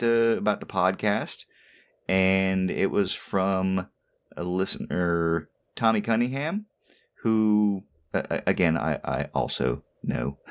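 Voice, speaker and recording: Deep-voiced guy chatting on his podcast, laid back. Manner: easygoing, with many "uh" fillers and chuckles. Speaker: podcast host. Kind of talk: casual podcast chat.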